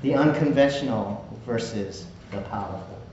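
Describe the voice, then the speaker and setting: A man's voice: fairly low pitch, normal speed, a little mellow, slight background noise. A man preaching a conversational sermon, often checking in with "right?". He is recorded from far off in an echoey church hall with dull sound. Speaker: pastor.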